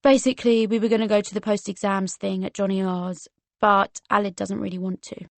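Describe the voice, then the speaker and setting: A man's voice: high-pitched, level tone, a little fast, vocal fry, no room sound. A woman voicing a blunt, teasing teenage boy with a posh, sardonic edge. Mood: dry.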